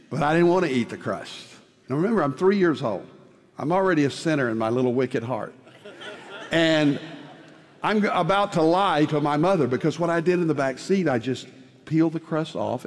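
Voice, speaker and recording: A pastor preaching a sermon, telling a personal story with playful asides before turning to the lesson. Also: male voice, mid-range voice, in a large hall.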